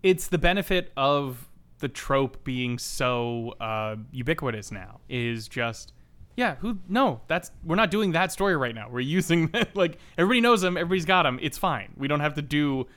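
A man co-hosting a podcast in casual chat, animated and quick to laugh, swearing often. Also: fairly high pitch. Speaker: podcast co-host.

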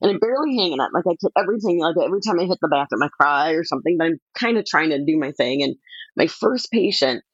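A woman talking as a podcast guest, telling a personal story in a rambling, animated way with lots of fillers. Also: sits low, fast talker, breathy edge, no echo, lo-fi sound.

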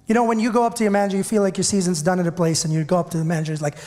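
A man's voice: high voice, fast, a little mellow, big-room sound. A male pastor preaching a sermon in a church, calling out to his congregation and often repeating and restarting his phrases. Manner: impassioned preaching, calls out to the congregation. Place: church sanctuary.

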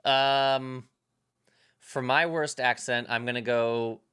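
A man's voice: medium pitch, fairly even intonation, takes it slowly, bright, forceful tone, clear, resonant tone. A man in casual film-review chat, talking in rambling stops and restarts and swearing now and then. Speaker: podcast co-host.

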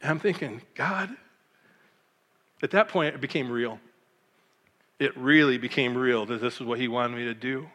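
A man's voice: mid-range voice, normal speed, pauses often, big-room sound. A middle-aged man from Michigan, a pastor, telling his life story with emotion and acting out the voices of the people in it. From Michigan, USA. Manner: animated, emotional, acts out quoted voices. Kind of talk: personal testimony storytelling.

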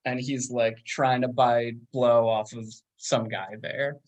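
Male podcast co-host from Long Island, unhurried, chatty recapper who acts out the characters' lines. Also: fairly even intonation, muffled recording. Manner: laid-back, chatty, acts out characters' lines with big jumps in pitch. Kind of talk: casual chat.

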